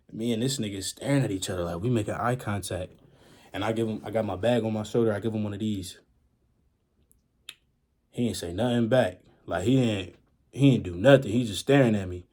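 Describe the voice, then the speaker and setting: A young man in a casual storytime vlog, retelling events in an animated, slangy, dramatic way with a husky voice. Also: lowish voice, brisk. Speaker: vlogger.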